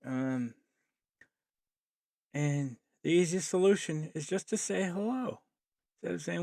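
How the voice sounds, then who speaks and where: Male podcast host, gravelly, close and dry; earnest, rambling solo commentary. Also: a little high, animated, measured pace, pauses often, a little mellow, dry recording. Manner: earnest, rambling with frequent fillers.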